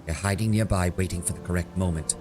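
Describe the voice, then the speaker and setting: A man reading game dialogue aloud, voicing a sharp-tongued female elf warrior who accuses and scorns. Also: low-pitched, steady tone, fast talker, music in the background, close to an everyday voice. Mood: urgent.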